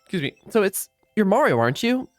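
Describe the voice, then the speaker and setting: A woman voicing an eager young male star spirit in a video game, hurried and polite. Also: medium pitch, very animated, a little mellow, no echo, soft background music, voice pushed up, close to an everyday voice. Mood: earnest.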